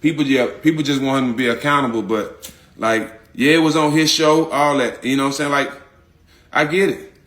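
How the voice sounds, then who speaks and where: A man's voice: mid-range voice, fairly even intonation, a little fast, a bit bright. A man talking casually and emphatically to his audience, repeating his points in loose slang. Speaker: public figure speaking out. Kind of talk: casual direct-to-audience talk.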